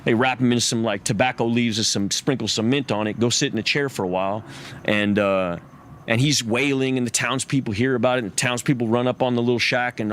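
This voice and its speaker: A man spins a long, rambling story in casual conversation. He swears freely and keeps stumbling over and restarting his phrases. His pitch sits in the middle, and faint background noise runs under the recording. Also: fairly even intonation, brisk, a bit bright. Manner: profane, rambling, restarts a lot. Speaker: interview guest.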